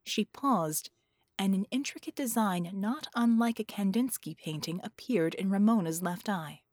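A woman narrating an audiobook in an even, clear storytelling manner. Her pitch sits in the middle. The recording is dry and close. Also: normal speed, no room sound. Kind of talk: scripted narration.

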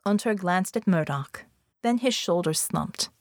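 A woman narrating an adventure audiobook in a steady, even storytelling manner. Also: on the low side, unhurried, no echo, studio quality. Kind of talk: scripted narration.

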